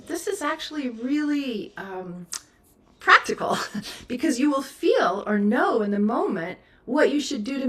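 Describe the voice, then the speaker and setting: A woman's voice: medium pitch, far from the mic. A woman teacher answering a question at a meditation service, earnest and laughing easily. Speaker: spiritual teacher.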